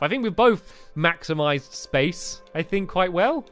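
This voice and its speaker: A man's voice: high voice, animated, measured pace, a bit bright, clear, resonant tone. A man co-hosting a gaming video, chatting casually, laughing a lot and playfully teasing his partner. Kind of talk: casual gameplay chat. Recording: light background music.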